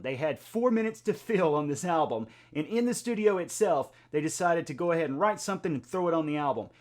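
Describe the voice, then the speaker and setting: A man hosting a music reaction video, talking in a chatty, conversational way with lots of filler words. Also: fairly high pitch. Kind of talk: casual reaction video talk.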